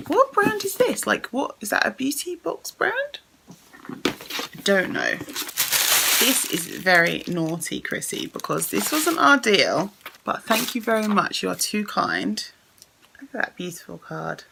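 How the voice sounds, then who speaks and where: A woman's voice: mid-range voice, very animated, takes it slowly, gravelly, background noise. A young woman chatting casually as she unboxes a gift on camera, effusive and full of thanks. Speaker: beauty vlogger.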